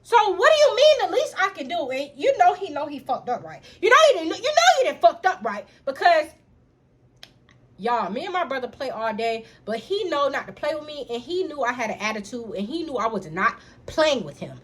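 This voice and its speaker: A young woman telling a personal story straight to camera in an animated, profane way, talking to her viewers as y'all. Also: high-pitched, moderate pace. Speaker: storytime vlogger. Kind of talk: casual storytime vlog.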